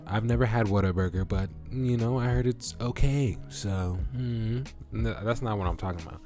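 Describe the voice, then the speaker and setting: Deep-voiced man telling a casual story. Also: moderate pace, few pauses, mellow, faint music behind. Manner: loose, cursing, storytelling with acted-out reactions. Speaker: vlogger. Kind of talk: casual talk to camera.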